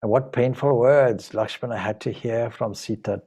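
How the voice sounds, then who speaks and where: A man's voice: mid-range voice, normal speed, hardly any pauses, dark tone, slightly rough. A man, a monk and spiritual teacher, emotively retelling an ancient epic in a spiritual talk. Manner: emotive, dramatic retelling with voiced dialogue. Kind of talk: storytelling talk of a sacred epic.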